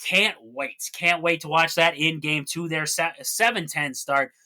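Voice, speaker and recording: A man's voice: on the high side, unhurried, bright, forceful tone. A man hosting a solo sports podcast, chatty and jokey, with rambling asides. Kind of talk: casual solo sports talk.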